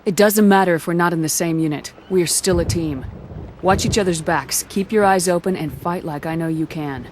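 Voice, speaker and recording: An actress playing a calm, decisive military commander in a video game, speaking in direct orders and questions. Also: female voice, lowish voice, brisk, a little hiss or hum, close to an everyday voice.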